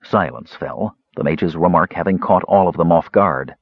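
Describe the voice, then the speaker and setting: A man narrating a fantasy audiobook in an expressive storytelling manner. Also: low voice, normal speed, husky, dry recording, muffled recording.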